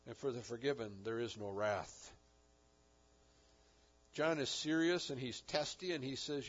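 A man's voice: medium pitch, unhurried, pauses often, a bit bright. A man preaching a sermon as pastor, earnest, with rising and falling emphasis. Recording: dull lo-fi recording.

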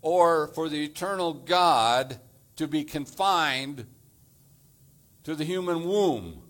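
A man preaching a sermon as pastor, deliberate and measured, delivering his points in short phrases. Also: on the high side, animated, a bit bright.

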